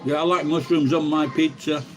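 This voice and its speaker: A man's voice: fairly high pitch, fairly even intonation, moderate pace, poor audio. A man vlogging, rambling and musing aloud in casual chat while he eats. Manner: rambling, chatty, muses aloud. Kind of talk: casual chat while eating, talking to viewers. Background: music.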